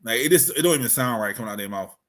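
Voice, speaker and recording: Casting: man, podcast co-host, easygoing explainer, mid-pitched voice. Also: very fast. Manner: relaxed, explains and asks questions. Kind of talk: casual chat.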